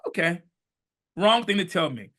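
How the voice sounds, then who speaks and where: A man in his fifties with a bright, slightly high voice tells his story as a podcast guest. He talks in an animated, emphatic way that swings between low, hushed stretches and loud bursts. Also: normal speed. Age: 50s. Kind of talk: storytelling in conversation.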